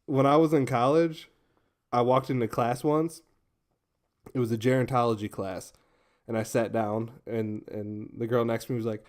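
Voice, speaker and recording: A young man chatting on a podcast mic, his voice sitting at a middle pitch. He swears freely and laughs his way through his stories, keeping the talk loose and casual. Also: fairly even intonation, normal speed. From Michigan. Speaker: podcast co-host.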